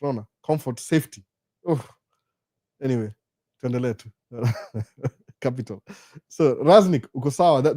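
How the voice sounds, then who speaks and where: A man with a Kenyan accent hosting a casual live Q&A, talking in a chatty, animated way with jokey asides. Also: medium pitch, no echo, clean studio sound. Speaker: live-stream host. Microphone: studio microphone.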